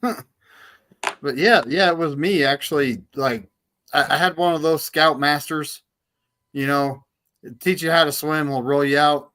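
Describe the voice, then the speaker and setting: A man's voice: on the high side, measured pace, long pauses, pushed and bright. Easygoing man telling a camping story. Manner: easygoing anecdote teller. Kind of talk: casual chat.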